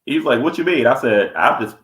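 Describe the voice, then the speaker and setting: Fast-talking blunt man in an echoey room. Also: medium pitch, animated. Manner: blunt, profane storytelling. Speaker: podcast co-host. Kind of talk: casual podcast chat.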